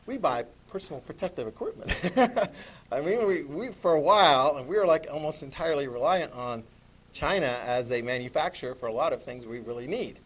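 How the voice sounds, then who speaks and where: A middle-aged man teaching a history lesson to a class, animated, asking questions and acting out voices. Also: fairly high pitch, a little fast. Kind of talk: classroom lecture.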